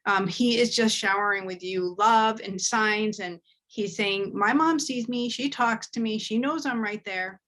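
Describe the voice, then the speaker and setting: A woman giving a medium reading on a live show. She speaks earnestly and grows emotional as she passes on messages, at a middle pitch. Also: unhurried, hardly any pauses, a bit bright. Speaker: medium and host. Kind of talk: live spiritual reading chat.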